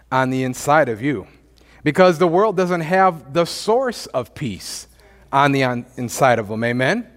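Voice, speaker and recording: A man's voice: fairly high pitch, big-room sound. A man preaching a sermon as pastor, emphatic and repetitive, often asking the congregation for an amen. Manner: emphatic, repeats phrases, asks the congregation "amen?". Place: church.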